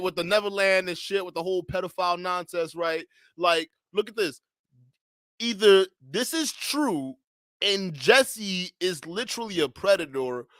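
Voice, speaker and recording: A man hosting a reaction video, laughing loudly, shouting in disbelief and talking blunt street slang straight to his viewers. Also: high voice, no echo. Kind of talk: reaction commentary.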